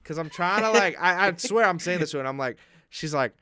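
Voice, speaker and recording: A young man co-hosting a podcast, telling an animated, profane story in casual chat and laughing along as he goes. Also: high-pitched, brisk, clear, resonant tone, dry recording, clean studio sound. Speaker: podcast co-host.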